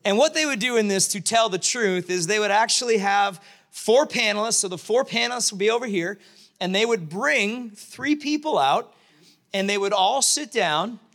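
A man in his late forties, a pastor, preaching to his church and praying in a conversational, halting way with many restarts. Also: high voice, lively intonation, a bit bright. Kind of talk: sermon with prayer and storytelling. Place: church sanctuary.

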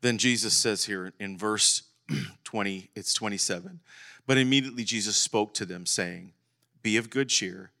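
A middle-aged man, a pastor, preaching a lively sermon and calling out to his congregation. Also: fairly low pitch, moderate pace. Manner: animated preaching, calls out to congregation.

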